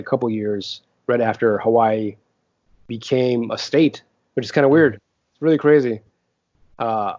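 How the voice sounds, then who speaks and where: A man talks quickly and loosely on a casual podcast. He rambles with lots of fillers and keeps an upbeat tone. The recording is dry and a little dull. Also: medium pitch, darkish tone, no room sound. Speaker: podcast co-host.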